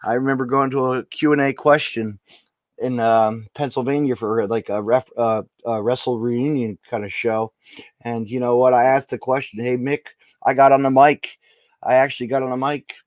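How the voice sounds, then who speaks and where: A man's voice: medium pitch, level tone, normal speed, dry recording, muffled recording. A man hosting a podcast in a casual, rambling way, laughing often and saying "you know" a lot. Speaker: podcast host. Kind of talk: casual chat.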